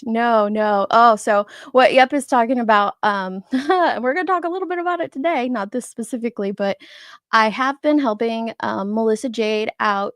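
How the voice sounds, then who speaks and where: A chatty woman in her forties hosts a live stream, greeting viewers by name and laughing often. Her voice has a gravelly, fried edge, and the sound is close and dry with no room around it. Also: medium pitch, no room sound. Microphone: streaming setup microphone.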